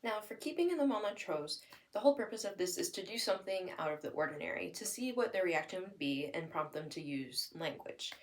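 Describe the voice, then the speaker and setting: With a lowish voice at a fairly quick clip, a young woman shows parents tricks for listening and speech, a bit far from the mic. Her instruction is plain until she acts out parent-child scenes in animated sing-song child-directed talk.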